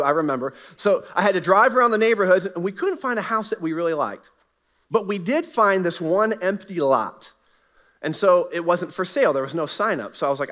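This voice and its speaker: A man's voice: on the high side, a bit bright. Earnest man telling a story from the pulpit. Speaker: pastor. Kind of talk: sermon. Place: church sanctuary.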